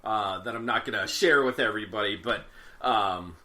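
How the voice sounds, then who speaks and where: A man's voice: fairly low pitch, normal speed. A man co-hosting a podcast, telling stories in casual chat and laughing often. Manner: laughs a lot, animated storytelling. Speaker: podcast co-host.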